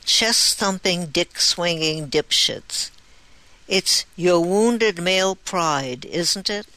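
A narrator voicing an angry, sharp-tongued female station commander. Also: mid-range voice, takes it slowly, dry recording, poor audio.

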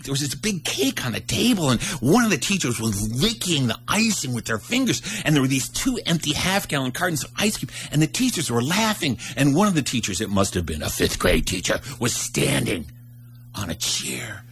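Male storyteller, mid-pitched, animated delivery that acts out every character. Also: a little fast. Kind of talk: live storytelling performance.

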